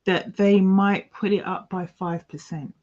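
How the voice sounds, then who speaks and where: Slow, musing woman reading tarot. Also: medium pitch, steady tone, darkish tone. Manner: slow, musing, talks through each card. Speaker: tarot reader. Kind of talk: casual tarot reading to camera. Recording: dull lo-fi sound.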